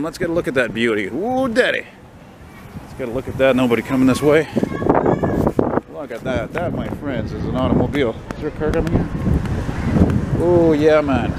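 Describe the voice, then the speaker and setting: A man, walking a city street at night and chatting into his camera in a rambling, profane, easily excited way. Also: mid-range voice. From Quebec, Canada. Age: 40s. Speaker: vlogger. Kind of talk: casual walking vlog. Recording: street traffic noise outdoors.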